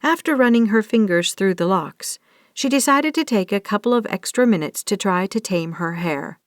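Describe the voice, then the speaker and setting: A woman reading a small-town romance audiobook as the narrator, in a steady storytelling manner. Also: medium pitch, normal speed, no echo, clean studio sound. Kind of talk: scripted narration.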